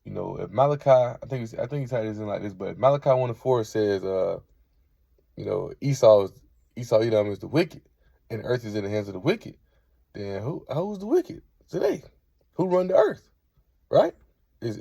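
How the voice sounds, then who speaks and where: A Bible teacher leads an informal scripture lesson, reading verses aloud and tacking "right?" onto most of his points. His fairly low voice is mellow and a bit rough with vocal fry, and the recording is dry.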